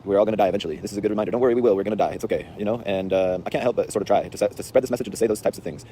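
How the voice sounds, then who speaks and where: Rambling male vlogger, lowish voice, talk sped up hard, faint traffic around. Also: very fast, mellow. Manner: rambling and offhand, with slang and restarts. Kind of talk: casual rambling storytelling. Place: outdoors on a city street.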